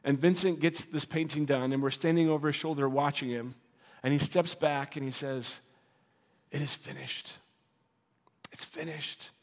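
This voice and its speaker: A man's voice: fairly high pitch, fairly even intonation, normal speed, long reverb tail. A man preaching a sermon as a pastor, earnest and repetitive, building to emphatic declarations.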